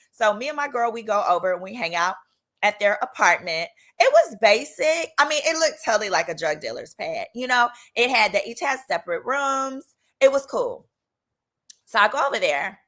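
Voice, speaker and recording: A woman attorney hosting a casual storytime vlog, with a strong accent and an animated, chatty delivery that slips into voices for dialogue. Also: mid-range voice, brisk. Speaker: attorney and channel host.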